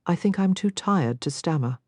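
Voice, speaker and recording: A woman's voice: on the low side, animated, moderate pace, no echo, clean studio sound. A woman voicing a shy young heiress who sounds tired and wryly teasing. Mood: weary wry. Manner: tired, wry, gently teasing.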